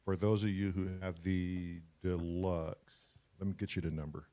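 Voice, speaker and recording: A man's voice: low-pitched, steady tone, unhurried, dark tone. A man hosting a live stream, chatting loosely and jokily and swearing freely. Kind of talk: casual live-stream chat.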